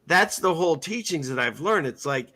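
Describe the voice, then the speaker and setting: A man's voice: fairly high pitch, expressive, moderate pace, sharp tone. A man hosting a casual interview, telling long rambling stories and acting out the people he quotes. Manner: rambling storyteller, acts out quotes in voices. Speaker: podcast host.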